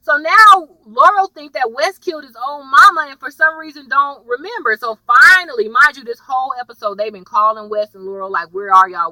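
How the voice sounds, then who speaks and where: A woman's voice: high voice, pushed and bright, no echo, recorded from a distance, low-quality recording. A young woman chatting casually as she recaps a TV episode, slangy and storytelling. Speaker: TV episode reviewer.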